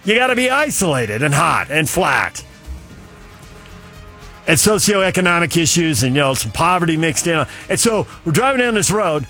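A man's voice: high-pitched, expressive, brisk, sharp tone, soft background music. Opinionated male sports radio host. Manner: rambling, opinionated, storytelling. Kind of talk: casual sports talk monologue.

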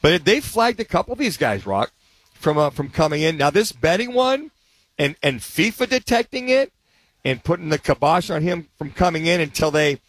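A man's voice: on the high side, animated, normal speed, a bit bright, no echo. Chatty sports radio co-host man. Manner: rambling, anecdotal, frequent restarts. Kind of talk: casual sports talk.

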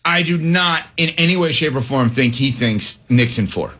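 A man's voice: medium pitch, bright, forceful tone. A man hosting a sports talk show, arguing his points emphatically and challenging his co-hosts. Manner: emphatic, argumentative, quick to challenge others. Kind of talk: casual sports debate.

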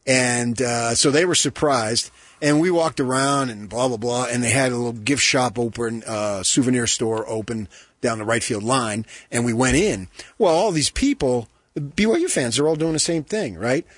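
A man hosting a sports radio show, telling animated stories and doing loud, high impressions of his mother. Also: normal speed, breathy edge, dry recording. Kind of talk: casual storytelling on radio show.

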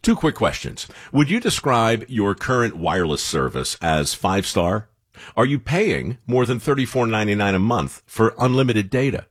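A man delivers a persuasive, emphatic sales pitch in a low, husky voice. His pitch moves lively up and down, and the recording is close and dry with no room sound. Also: normal speed, no room sound. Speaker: ad announcer.

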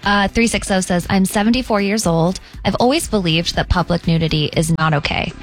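A woman's voice: medium pitch, fairly quick, soft background music. A woman reading listener text messages aloud on a radio show, in a light, amused way. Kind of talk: reading texts aloud on air.

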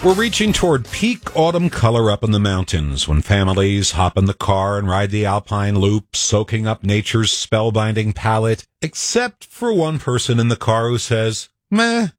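A man's voice: lowish voice, sing-song, moderate pace, hardly any pauses, no echo, clean studio sound. A man delivering a wry, conversational radio commentary segment.

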